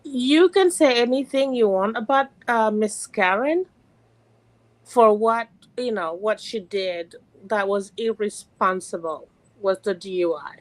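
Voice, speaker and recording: A middle-aged woman from California calling in to chat, animated and quick to laugh, with many restarts. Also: medium pitch, poor audio. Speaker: caller. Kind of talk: casual call-in chat.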